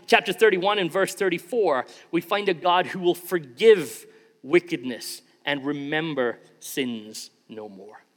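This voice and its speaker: A man's voice: high-pitched, a bit bright. A man preaching a sermon in a church, talking conversationally and acting out small examples as he goes. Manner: conversational, acts out examples with shifting tone. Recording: long reverb of a large hall.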